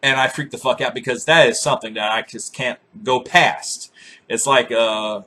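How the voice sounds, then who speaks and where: Vlogger, man in his 20s, husky bright voice, crude and profane, laughing through raunchy stories. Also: medium pitch, fairly even intonation, normal speed. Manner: profane, laughs often, bursts into loud acted shouts. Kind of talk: crude comic storytelling.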